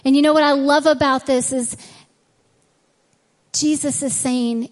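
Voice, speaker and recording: A woman's voice: high voice, fairly even intonation, measured pace, long pauses, big-room sound. A woman preaching a sermon in a church, reading scripture and praying, earnest and conversational. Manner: earnest and conversational, acting out quoted dialogue. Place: church sanctuary.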